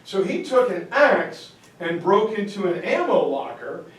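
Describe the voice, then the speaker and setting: A man giving a history lecture to parents, telling stories in a casual, lively way. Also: sits high, a little slow. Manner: casual, animated storytelling. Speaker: high school teacher giving a parent lecture. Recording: echoey room, distant mic, faint noise.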